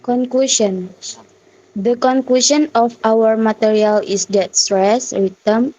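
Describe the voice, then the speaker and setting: A woman, a student presenter reading a prepared conclusion in a steady, formal way. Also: on the high side, low-quality recording.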